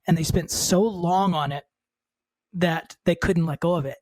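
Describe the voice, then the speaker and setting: A man's voice: fairly high pitch, measured pace, no echo. A man, an art instructor, telling easygoing stories and joking in a casual podcast discussion.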